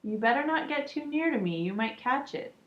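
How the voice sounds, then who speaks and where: A woman's voice: high voice, expressive, a little fast, a bit bright, pitched above the performer's own voice. A woman doing an eager little mouse boy. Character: small polite mouse boy, earnest and caring. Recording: echoey room, muffled lo-fi sound.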